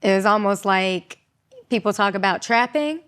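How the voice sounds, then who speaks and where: A woman in her thirties telling her own story as an interview guest, animated, acting out quotes in raised voices. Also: mid-range voice, moderate pace, clear, resonant tone.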